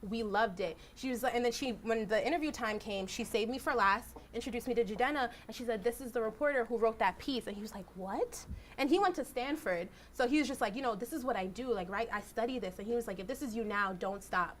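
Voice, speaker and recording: A young woman, a journalist, telling stories in a casual, animated way and acting out quotes. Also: on the high side, fast, slight background noise. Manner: animated, acts out quotes with "I was like". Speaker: journalist guest speaker. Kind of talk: casual storytelling talk. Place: lecture hall.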